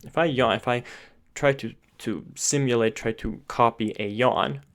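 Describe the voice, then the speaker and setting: A man's voice: mid-range voice, moderate pace. Man explaining singing technique. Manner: talks with his hands, pointing to parts of his throat and face; restarts sentences while thinking aloud. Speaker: voice teacher.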